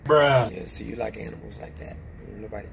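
A man chatting casually, blunt and deadpan. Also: lowish voice, a little fast, creaky. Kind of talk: casual chat.

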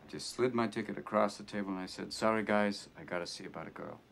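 A man's voice: lowish voice, quick pace, vocal fry, a bit bright. An actor playing a wry, blunt middle-aged male therapist who tells stories and swears casually, heard in a film clip. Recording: film clip with background noise.

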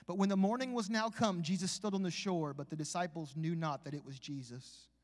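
A man preaching a live sermon in a church, with folksy asides, building from a conversational tone to shouted exhortation. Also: sits high, steady tone, fairly quick. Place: church sanctuary. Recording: long church hall reverb.

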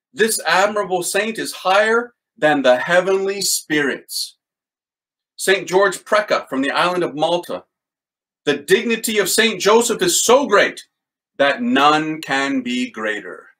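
A man teaching a Catholic devotional series with excited commentary on quotes, then leading a litany prayer. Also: a little high, normal speed, low-quality recording. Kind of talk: enthusiastic spiritual teaching and prayer.

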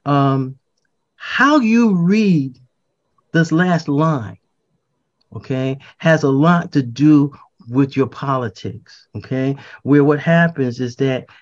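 An older man explains poetry in an unhurried, reflective manner, looping back on words as he thinks. His voice sits in a middle register. The recording sounds slightly muffled and lo-fi. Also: medium pitch. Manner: reflective, repeats words, frequent fillers and restarts. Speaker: poet, podcast guest. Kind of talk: conversational explanation.

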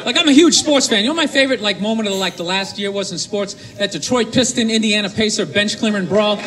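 A male stand-up comedian doing an animated routine, shouting his punchlines in mocking bursts. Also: high voice, fast. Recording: live club set with crowd laughter and noise. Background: audience laughing.

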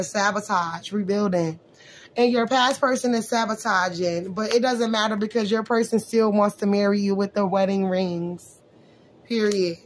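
A woman reads tarot cards aloud at a medium pitch, calling out each card and then spinning it into frank, cussing commentary. Her delivery is loose and punchy, with a faint hum of room noise underneath. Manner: blunt, profane, animated asides. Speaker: tarot reader. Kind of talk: tarot reading.

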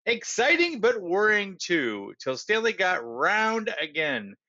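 A man reads a children's story aloud with an expressive, animated delivery. His voice sits high, bright and lively in its rise and fall. The recording is dull and lo-fi. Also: takes it slowly.

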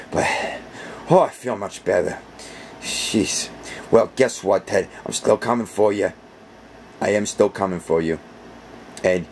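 Man voicing a husky, ranting angry teddy bear. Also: medium pitch, darkish tone. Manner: ranting, vengeful, over-the-top. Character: foul-mouthed male teddy bear with anger issues. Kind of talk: comedic puppet vlog.

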